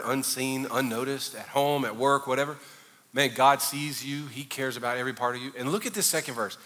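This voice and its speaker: A man's voice: medium pitch, pushed and bright, big-room sound. A man preaching a sermon as a pastor, joking and conversational with the congregation.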